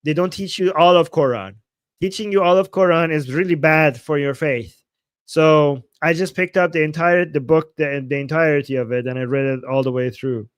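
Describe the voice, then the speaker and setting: A man's voice: a little high, moderate pace, clear, resonant tone, no room sound, studio quality. A young adult man from Iran with an Iranian accent, his first language Persian, hosting a livestream and answering viewer chats in heated, profane, mocking commentary. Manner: angry, profane, mocking, loud outbursts. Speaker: livestream host reading super chats.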